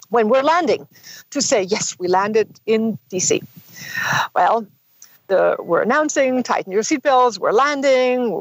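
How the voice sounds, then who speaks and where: Woman guest telling a story, animated, acts out the dialogue, fairly high voice. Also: no echo, low-quality recording. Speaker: guest author. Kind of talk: storytelling in an interview.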